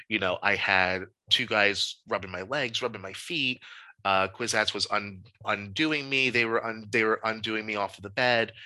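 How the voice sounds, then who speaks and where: A young man, a podcast guest, telling a candid, animated story in casual conversation with frequent fillers. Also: fairly low pitch, dry recording, rough recording.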